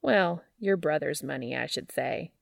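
A woman's voice: sits low, animated, measured pace, gravelly, no echo, clean studio sound, voice pushed down, heavily acted. A woman doing a whiny, nasal, smug landlord. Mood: sly. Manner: sly, gleeful and smug. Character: sly, whiny male building manager.

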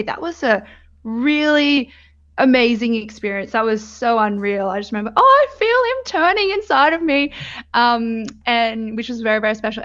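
A young woman talks through her birth story in a casual, candid chat, laughing often and swearing without a second thought. Her voice sits a little high. The recording is slightly dull and lo-fi. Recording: dull lo-fi sound.

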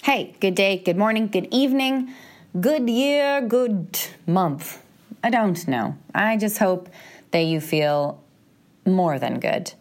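A woman's voice: medium pitch, takes it slowly, soft background music. A young woman hosting her own self-help podcast, talking earnestly and with growing passion, often acting out little inner voices. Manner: earnest, animated, gushing and encouraging. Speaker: podcast host.

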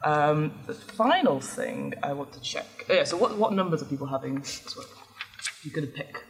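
Lowish female game master, chatty rules explainer, live stage show. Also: lively intonation, moderate pace. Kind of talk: live tabletop game hosting. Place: live event stage before an audience.

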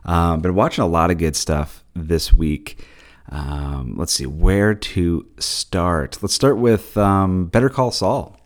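A man hosting a podcast, chatting casually and telling rambling stories with animated quoted voices. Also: low-pitched, takes it slowly. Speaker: podcast host. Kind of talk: casual solo podcast chat.

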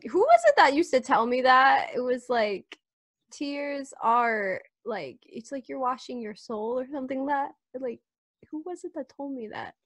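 A woman's voice: high-pitched, lively intonation, no room sound, clean studio sound. A young woman co-hosting a podcast in casual chat, giggly and emotional. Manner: giggly and emotional, quick to tear up. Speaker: podcast co-host.

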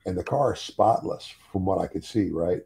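Older man, former wrestler, deep voice, husky and dark, chuckles through casual stories. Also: normal speed. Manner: chuckles through his story, repeats words as he goes. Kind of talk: casual storytelling.

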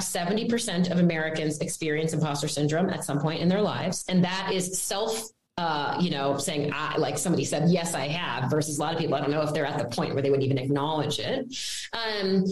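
A woman who teaches mindfulness and breathwork, an interview guest explaining a framework in an animated way, tagging her points with "right?". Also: fairly low pitch, brisk, roomy sound, rough recording. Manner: animated, frequent tag questions and fillers.

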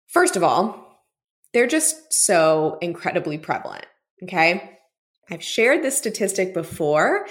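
A woman from Texas, a registered dietitian, hosting her own podcast in a chatty, conversational way and often checking in with listeners. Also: medium pitch. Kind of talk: casual solo podcast talk.

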